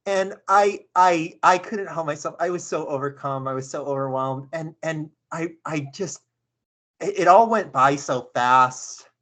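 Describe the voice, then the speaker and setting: A young woman earnestly retelling a dream on a video call, halting, with many fillers and restarts. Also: sits low, fairly bright tone. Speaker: session participant.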